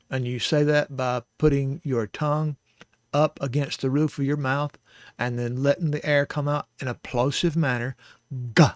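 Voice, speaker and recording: A man's voice: mid-range voice, dry recording, studio quality. A man teaching pronunciation, who patiently explains each sound and then demonstrates it by repeating it. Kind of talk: slow instructional explanation.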